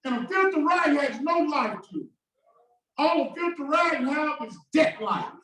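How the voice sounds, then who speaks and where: This impassioned sermon comes from a pastor with a very high-pitched male voice, lively but taking his time. Call-and-response exchanges carry it, with bursts of shouting that fall away suddenly, all recorded far off in a very reverberant church sanctuary.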